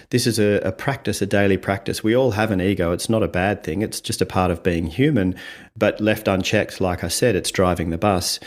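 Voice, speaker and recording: A man from Australia with a low voice, a guest coach on a podcast. He explains ideas in clear steps, acts out quoted lines, and laughs easily. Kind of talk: conversational interview.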